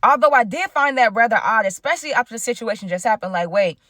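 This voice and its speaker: A woman telling a story in casual storytime style, animated and talking straight to her viewers. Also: on the high side, fast, dry recording, clean studio sound. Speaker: storytime vlogger.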